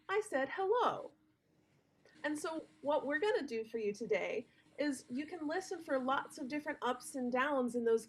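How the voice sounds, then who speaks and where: High-voiced woman explaining music to kids. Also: poor audio. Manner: friendly, clear teacherly explaining. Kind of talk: children's music lesson, explaining.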